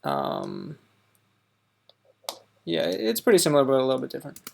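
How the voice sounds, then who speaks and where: A man with a Wisconsin accent giving casual reaction commentary, halting and filled with fillers and restarts. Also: medium pitch, wildly swooping pitch, gravelly, a little mellow, slight background noise. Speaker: host reacting to a video.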